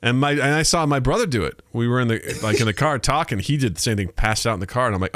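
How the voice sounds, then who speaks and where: Animated man telling stories. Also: fast, hardly any pauses, dry recording, clean studio sound. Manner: animated storyteller, acts out quotes in high voices, laughs often. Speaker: podcast co-host. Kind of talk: casual chat.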